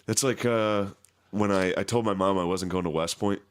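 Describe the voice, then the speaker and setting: Deep-voiced young man, laid-back. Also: steady tone, moderate pace, smooth. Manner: laid-back, wry, breaks into squeaky mock voices. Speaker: podcast co-host. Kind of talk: casual chat.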